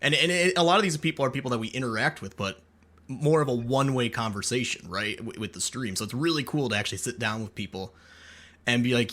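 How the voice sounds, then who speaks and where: Bright-voiced male podcast host. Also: medium pitch. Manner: upbeat, halting with many restarts. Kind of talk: casual podcast chat.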